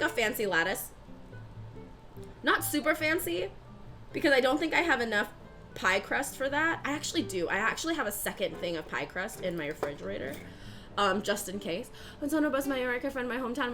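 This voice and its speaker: A woman's voice: on the high side, fairly bright tone. A young woman with a Californian accent, chatting casually with her live-stream viewers while she bakes. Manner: chatty, reads out chat names, bubbly. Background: faint music.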